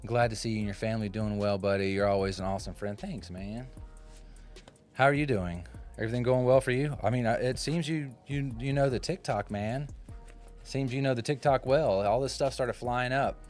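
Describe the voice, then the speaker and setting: A man's voice: mid-range voice, moderate pace, a little mellow, soft background music. A man in his forties chatting casually and jokingly with viewers while carving on a phone live stream in his home workshop. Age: 40s. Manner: joking, rambling, chats with viewers' comments. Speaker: woodcarving livestreamer. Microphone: phone propped up.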